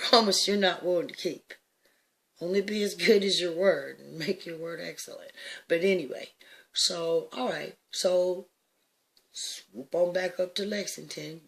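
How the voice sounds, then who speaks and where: This is a deep, creaky voice of a woman probably in her sixties, recounting something personal. Frequent laughter punctuates the telling, and her volume shifts emphatically from hushed to loud.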